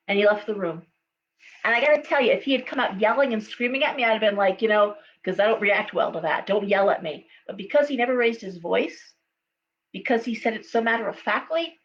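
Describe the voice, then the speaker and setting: The audio is dull and lo-fi with a faint hum underneath. Speaking at medium pitch and a bit fast, a middle-aged tarot reader chats her way through a live reading, telling stories and using lots of okays and ums.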